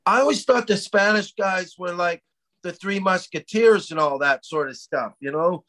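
A man's voice: sits high, normal speed, pushed and bright, poor audio. A young Canadian comedian with a slightly Americanized accent, talking loosely as a guest on a podcast and dropping "man" and "you know" often. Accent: Canadian, partly Americanized. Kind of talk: casual podcast chat.

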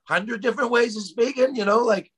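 A man's voice: very high voice, brisk, fairly bright tone, slightly rough. A middle-aged man from Canada chatting casually as a podcast co-host, rambling, laughing and peppering his talk with "man". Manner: rambling, laughing, swears and says "man" a lot. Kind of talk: casual chat.

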